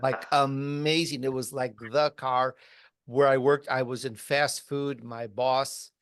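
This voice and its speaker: A man's voice: mid-range voice, fairly even intonation, slow pace, fairly bright tone, smooth, no room sound. Man hosting a podcast, dry sound. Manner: conversational, uses fillers like "like". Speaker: podcast host. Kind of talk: casual interview chat.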